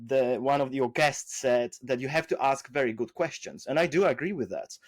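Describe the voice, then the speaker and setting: A man telling business stories as a podcast guest, acting out dialogue with lively jumps and frequent restarts. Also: moderate pace. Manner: animated, acts out quoted dialogue with big pitch jumps; many restarts and fillers, non-native phrasing. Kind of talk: casual interview storytelling.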